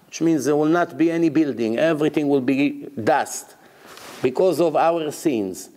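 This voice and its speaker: Animated rabbi teaching Talmud. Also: male voice, fairly high pitch, a little slow. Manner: animated storytelling with rhetorical questions; explains terms as he goes. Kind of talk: Talmud lecture.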